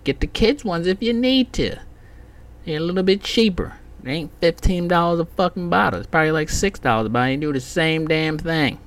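A man on his solo podcast, ranting casually and cursing freely. His pitch leaps up and down as he gets worked up, and he tells the story with heated, animated irritation. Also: brisk. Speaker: podcast host.

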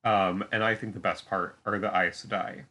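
A man's voice: low voice, fairly even intonation, normal speed, pushed and bright. A man co-hosting a podcast, talking through a TV episode in a casual, hesitant way. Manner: hesitant, many fillers and restarts, laughs easily. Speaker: podcast co-host. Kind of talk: casual chat recapping a TV episode.

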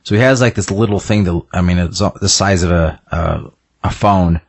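A young adult man hosting a podcast, recapping a comic in a casual, halting way with many fillers and repeated words. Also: deep voice, dry recording.

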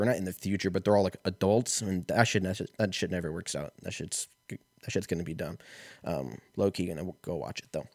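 Man, podcast host, casual comedic rant, low voice, profane, self-mocking, dry close sound. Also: a little mellow, no echo.

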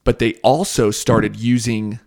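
A man hosting a podcast, chatting casually with a friend in a rambling, excitable way full of fillers and the odd swear word. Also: medium pitch, a little slow, gravelly. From United States. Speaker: podcast host. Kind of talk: casual chat.

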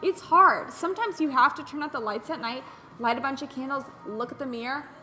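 Lively lady hosting a wellness podcast, high voice, acts out stories. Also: fairly quick, faint music behind. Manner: animated storyteller who acts out quotes. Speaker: podcast host. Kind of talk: casual wellness podcast chat.

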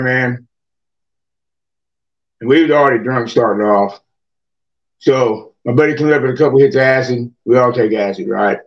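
A man's voice: medium pitch, dull audio. An older man, a podcast guest, telling rambling, profane stories in a laid-back way. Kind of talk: casual storytelling.

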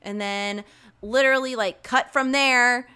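A young woman co-hosting a casual talk show, recapping a movie with animated retellings and acted-out quotes. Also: a little high, unhurried, clear, resonant tone. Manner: animated, acts out scenes in quoted voices. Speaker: podcast co-host.

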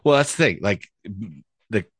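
A man with a low voice tells his stories plainly and frankly, cursing now and then. The recording is dry and close. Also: animated, moderate pace, dry recording. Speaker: podcast host, former police officer. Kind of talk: casual chat.

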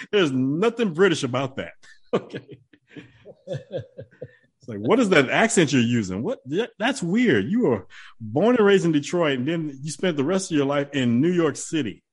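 A man's voice: fairly high pitch, big pitch swings, a little slow, slightly rough. A man chatting casually on a podcast, laughing often and acting out the people he quotes. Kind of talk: casual chat.

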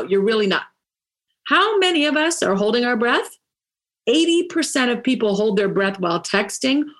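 A woman coach giving a motivational talk, emphatic and punchy, with dramatic pauses and playful asides, leading a breathing exercise. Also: medium pitch, a bit bright. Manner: leads a guided breathing exercise. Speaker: women's coach.

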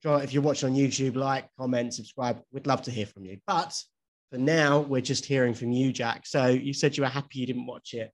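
A man co-hosting a casual podcast chat, talkative and quick to laugh. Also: mid-range voice, steady tone. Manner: chatty, laughs easily. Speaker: podcast co-host.

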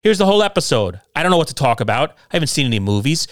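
A man's voice: on the high side, sing-song, very fast, hardly any pauses, no echo, clean studio sound. Combative middle-aged man hosting a podcast. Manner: sarcastic, combative, self-deprecating. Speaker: podcast host. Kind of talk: solo podcast rant. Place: home basement.

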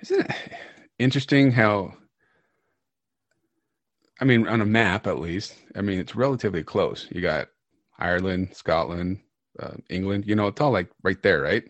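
A man's voice: sits low, normal speed, pauses often, dry recording. A man co-hosting a podcast, chatting casually and rambling as he searches for words. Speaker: podcast co-host. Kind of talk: casual chat.

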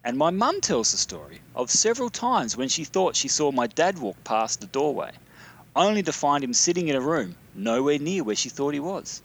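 An Australian man from South Australia, a listener who sent in a recording, reads aloud his own spooky story about his hometown. His husky voice is on the high side and very animated at a normal pace, and he drops in casual, dry asides.

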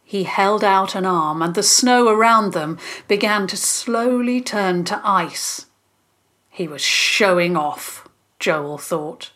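Slow expressive woman storyteller. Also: on the low side. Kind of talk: scripted narration of a children's story.

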